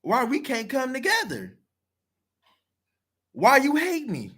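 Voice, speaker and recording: A man's voice: very high-pitched, wildly swooping pitch, slow pace, a bit bright, breathy edge. A man talking straight to camera, blunt, profane and heated, repeating himself to press his point. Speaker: video commenter. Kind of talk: casual talk to camera.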